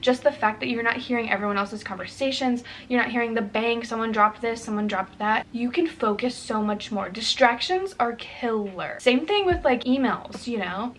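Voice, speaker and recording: A woman's voice: on the high side, a bit bright, slight background noise. A young woman giving casual, upbeat advice in a vlog, talking chattily with lots of fillers. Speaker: vlogger.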